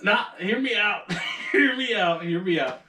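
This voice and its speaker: A man's voice: high voice, animated, a little slow, bright, forceful tone, slight background noise. A young man co-hosting a podcast, telling a story in casual chat, laughing and acting out the quotes. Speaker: podcast co-host. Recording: echoey room, a little far from the mic.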